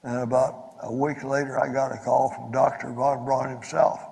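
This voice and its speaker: An older former astronaut on a panel, telling a folksy story in a conference hall. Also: male voice, medium pitch, flat delivery, moderate pace, vocal fry, a little mellow, a little hiss or hum. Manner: anecdotal, folksy, repeats himself. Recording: echoey hall.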